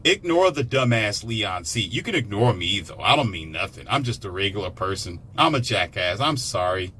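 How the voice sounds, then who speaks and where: A man's voice: normal speed, slight background noise. Ranting man with sarcastic swings. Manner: animated, sarcastic, swings into mocking high-pitched impressions. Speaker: commentator. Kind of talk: ranting monologue.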